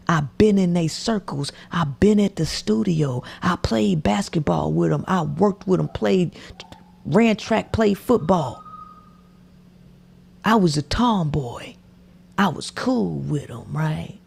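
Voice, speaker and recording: A woman's voice: on the low side, slow, creaky, a little mellow, breathy edge. A woman commentating on a podcast clip in a preachy way, repeating her points and often dropping to a whisper. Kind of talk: reaction commentary.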